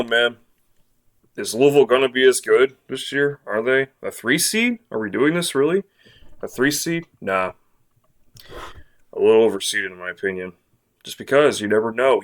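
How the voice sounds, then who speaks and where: A man's voice: medium pitch, moderate pace. A man talks through his bracket picks in a loose, off-the-cuff way. He is blunt and sarcastic and often rants, stumbling over his words and starting sentences again. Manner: blunt, sarcastic, ranting with many restarts. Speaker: sports commentator. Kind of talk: casual bracket predictions rant.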